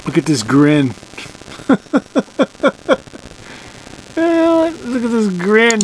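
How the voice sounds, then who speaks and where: A man's voice: sits high, huge pitch swings, very slow, a little hiss or hum. A man commenting on a video clip, mocking and incredulous, repeating himself and swearing as he talks. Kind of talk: sarcastic reaction commentary.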